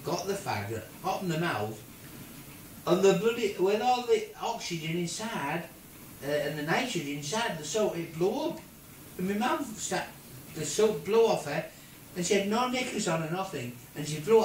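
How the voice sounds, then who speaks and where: Lively old grandad telling a tale. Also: male voice, normal speed, slight background noise. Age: older. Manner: animated, jumps into squeaky quoted voices. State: ill. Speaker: grandfather telling a made-up story. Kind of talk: playful bedtime-style storytelling. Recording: roomy home video from a distance.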